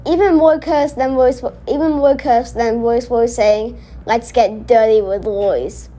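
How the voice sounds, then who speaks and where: Brief: high-pitched woman, reaction host, indignant rambling rants aimed at the screen. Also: steady tone, a little slow, mellow. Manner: indignant, rambling, talks back at the cartoon. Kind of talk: casual reaction commentary.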